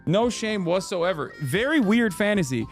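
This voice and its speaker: A man in his thirties giving sarcastic, incredulous livestream commentary on posts, jumping to sudden high exclamations. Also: big pitch swings, normal speed, faint music behind. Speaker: streamer reacting to posts.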